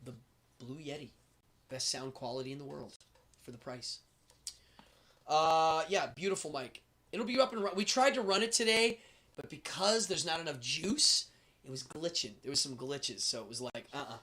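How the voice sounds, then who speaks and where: Middle-aged male streamer, excitable and chatty, bright ringing tone. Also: on the high side, normal speed. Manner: enthusiastic, rambling, reads chat aloud. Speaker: host. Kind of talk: casual live-stream chat.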